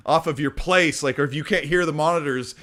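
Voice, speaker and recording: A man's voice: a little high, sharp tone. Enthusiastic male podcast host. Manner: enthusiastic, quick to react. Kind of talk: casual interview.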